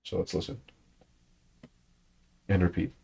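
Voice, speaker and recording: A man's voice: unhurried, mellow. A man leading a casual language study session, patiently explaining grammar while thinking aloud with frequent fillers and restarts, and giving short praise to learners. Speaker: study group leader teaching Tongan.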